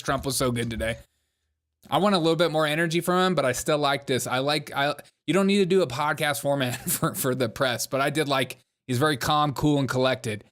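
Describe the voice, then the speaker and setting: A high, very bright male voice. He hosts a comedy commentary show and keeps a mocking, jokey tone, laughing as he goes.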